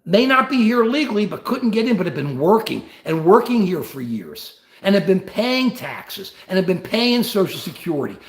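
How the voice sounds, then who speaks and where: Impassioned older man, lively and high. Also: normal speed, hardly any pauses, reverberant. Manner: impassioned, reads and answers viewer comments. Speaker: livestream host. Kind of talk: live-stream political talk.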